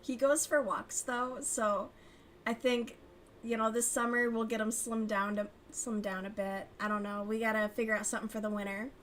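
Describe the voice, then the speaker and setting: A woman's voice: a little high, flat delivery, normal speed, a bit bright, a little hiss or hum. A young woman hosting a crochet livestream, chatting casually with viewers, swearing and laughing often. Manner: profane, gossipy, laughs often. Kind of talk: casual chat with chat readers.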